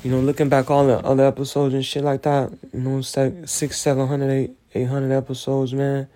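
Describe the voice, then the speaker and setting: A man's voice: mid-range voice, completely flat delivery, a little fast, warm tone. Emotional man, near tears. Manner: rambling, emotional, slangy. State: on the verge of tears. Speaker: solo show host. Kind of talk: personal confessional monologue.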